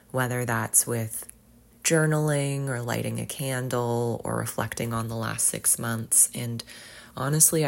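A woman, a podcast host who reads poetry aloud and then chats in a measured, soft-spoken way, sometimes dropping to near-whispered asides. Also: rumbling low, vocal fry. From Canada. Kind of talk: poetry reading and casual reflective chat.

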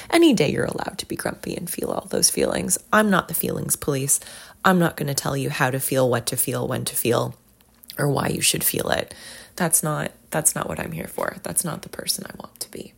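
Very low, gravelly woman. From Canada. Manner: measured, soft-spoken, drifts into quiet half-whispered asides. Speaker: podcast host. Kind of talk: poetry reading and casual reflective chat.

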